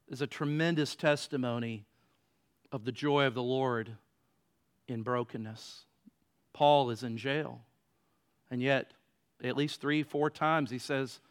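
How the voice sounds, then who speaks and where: A man preaching a sermon, moving between loud emphatic passages and quiet, low stretches. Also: clean tone. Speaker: pastor.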